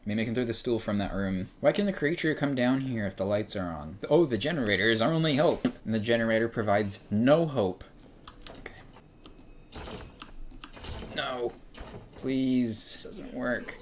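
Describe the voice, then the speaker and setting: A young man streaming a horror game, commenting in an exasperated way and breaking into shouts and laughs. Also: medium pitch, expressive, unhurried, long pauses, a little hiss or hum. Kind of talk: frustrated gameplay commentary.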